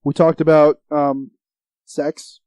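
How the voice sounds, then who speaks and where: A man's voice: fairly high pitch, little pitch movement, takes it slowly, darkish tone, no room sound. A teenage man co-hosting a casual podcast, telling crude stories with lots of laughter. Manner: crude joking storyteller, laughs often. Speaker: podcast co-host. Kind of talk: casual chat.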